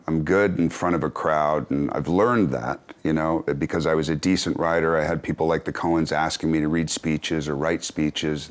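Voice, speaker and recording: A deep-voiced man in his fifties answers interview questions in a loose, candid way. He is reflective and self-deprecating, with wry chuckles between thoughts. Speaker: actor and author, interview guest.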